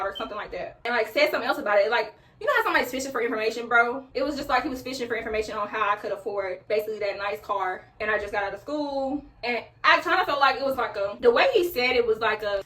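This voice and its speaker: A woman's voice: on the high side, lively intonation, fast talker, a bit bright, recorded from a distance. A young woman, chatting casually as she tells a workplace story while doing her makeup, calling her viewers y'all and bro. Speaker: vlogger telling a workplace story.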